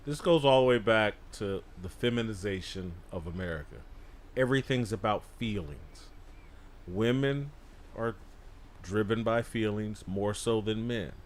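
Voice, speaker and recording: A man's voice: fairly low pitch, measured pace. A man appearing as a guest on a podcast, making blunt, emphatic points in casual political talk.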